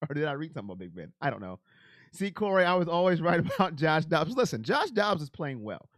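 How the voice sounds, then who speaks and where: A man hosts a casual live stream in a slightly raised voice. He sounds emotional and animated, and he greets chatters by name. The recording is close and dry, with almost no room sound. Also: a little high, no room sound. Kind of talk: casual live chat about football.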